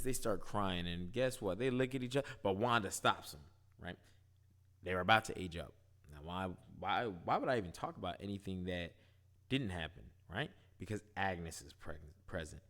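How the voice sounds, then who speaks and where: A man casually recapping and reviewing a TV episode, animated, asking "right?" often. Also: deep voice, normal speed. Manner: animated, retells scenes, quotes characters, frequent "right?". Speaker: show reviewer.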